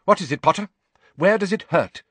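A man voicing a stern older woman professor who asks brisk, clipped questions. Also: high-pitched, lively intonation, fairly bright tone, slightly rough, no echo, voice pushed up, exaggerated voice.

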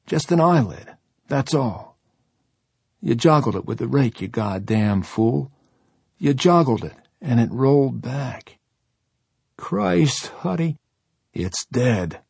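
A man's voice: lowish voice, animated, extremely slow, creaky, few pauses, a little mellow, husky, no room sound, exaggerated voice. A man voicing a frightened grown man who is shaken and panicky, speaking in a strained, frantic way. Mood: panicked.

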